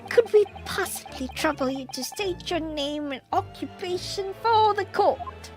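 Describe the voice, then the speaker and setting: A woman's voice: very high voice, animated, unhurried. A woman voicing a pompous older male judge in a game, speaking formally and fussily, with music behind. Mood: fussy formal. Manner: formal, courtly and fussy.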